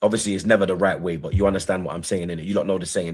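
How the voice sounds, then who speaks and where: Rapid-fire and steady, his low, slightly rough voice delivers boastful, defiant trash talk. He's a reaction show co-host bragging about his football club in casual banter.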